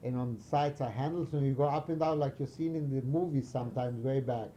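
An older man from Romania in an oral history interview, telling wartime stories haltingly as he searches for words, with some animated moments. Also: mid-range voice, a little hiss or hum. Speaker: interviewee recalling wartime past.

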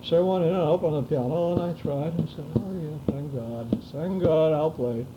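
A man's voice: on the high side, a little fast, muffled recording, noisy background. Older man telling war stories. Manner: vivid storytelling, acting out dialogue. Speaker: interviewee recounting wartime memories. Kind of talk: oral history interview.

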